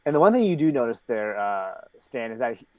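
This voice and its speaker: A man narrating as game master, halting and filling pauses as he describes the scene. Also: mid-range voice, very animated, dark tone, no echo, low-quality recording. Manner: hesitant, halting narration with fillers.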